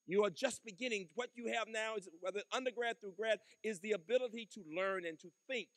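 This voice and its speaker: A man's voice: sits high, a little fast, no room sound. An older man giving a commencement address, emphatic and preacherly, with rhythmic repetition into a podium microphone. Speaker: commencement speaker.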